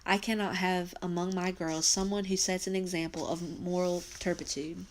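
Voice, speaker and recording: A woman's voice: lowish voice, steady tone, moderate pace, slight background noise, natural voice. Woman reading a sly, oily overseer. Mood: solemn, sly. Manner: solemn, quiet, oily. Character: sly male overseer, smooth and falsely regretful.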